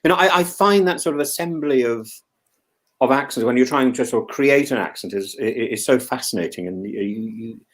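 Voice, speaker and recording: A man's voice: mid-range voice, a little fast. A middle-aged man from England, co-hosting a casual chat, who keeps restarting and repeating words as he talks. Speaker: co-host.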